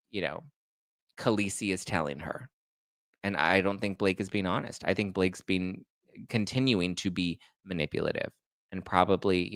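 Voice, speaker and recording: A man's voice: lowish voice, a bit bright, no echo. A man hosting a casual commentary show, reading legal documents and viewer chat aloud and reacting with heated, indignant, swearing rants. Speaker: host.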